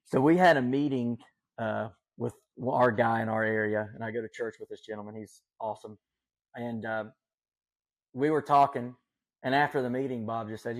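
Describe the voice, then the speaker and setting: A man's voice: mid-range voice, fairly even intonation, moderate pace, no room sound. A man with a Southern Appalachian accent, telling stories as a podcast guest in an enthusiastic, folksy way. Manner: enthusiastic, folksy, lots of fillers. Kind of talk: casual storytelling chat.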